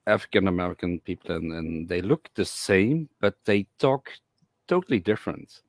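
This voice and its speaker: A somewhat low-voiced man hosts a casual live-stream chat. He speaks bluntly and haltingly, with lots of fillers and restarts. The sound is dry and close, with no room echo. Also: animated. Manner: blunt and outspoken. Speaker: livestream host.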